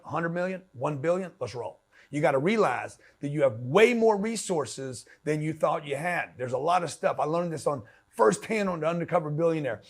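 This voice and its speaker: A middle-aged man giving a blunt, pushy motivational talk in slangy street language. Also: a little high. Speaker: business speaker.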